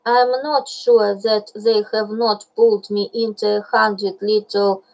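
A woman voicing a big, grave and kindly male bear in a storybook reading, speaking slowly. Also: mid-range voice, fairly even intonation, a little mellow, lightly acted, low-quality recording. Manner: slow and grave.

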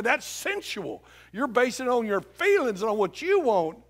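A male pastor preaching a sermon in a church, dropping to a hush for scripture and rising to shouts. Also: on the high side. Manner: swings from hushed scripture reading to loud shouted exhortation. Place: church sanctuary.

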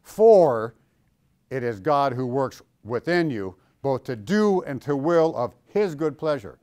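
Man teaching an animated Bible class. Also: medium pitch, slow pace. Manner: animated, asks the class questions.

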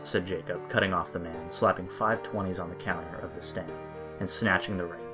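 Deep-voiced male story narrator. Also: steady tone, fairly quick, bright, forceful tone, soft background music. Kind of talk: scripted horror story narration.

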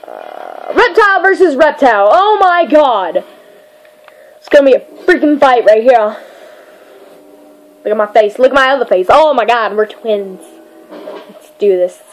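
A woman giving goofy, excitable commentary while playing a fighting game, yelping and crying out during the fights. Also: on the high side, normal speed, pauses often, a little hiss or hum, rough recording. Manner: goofy, self-mocking. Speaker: gamer. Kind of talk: let's play commentary.

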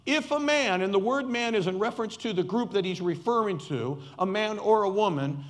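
A man preaching a sermon as pastor, emphatic and repeating key words for stress, with playful asides. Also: high-pitched.

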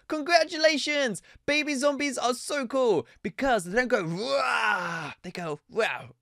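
A young man hosting a game video, giving excitable commentary with frequent laughs and loud squeals. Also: very high voice. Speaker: gaming video host.

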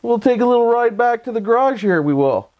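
A man's voice: extremely high pitch, animated, a little fast, lo-fi sound. A Canadian man with a Canadian accent doing a casual voice-over for his vlog, folksy and rambling, full of catchphrases and tag questions. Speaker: vlogger. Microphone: microphone put on for voice-over.

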